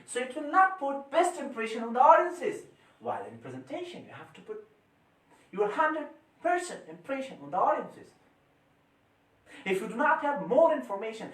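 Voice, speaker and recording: A male teacher giving an energetic lecture to his students, emphatic and repetitive, with forceful rises and drops in his voice. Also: very high-pitched. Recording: echoey room, mic far off.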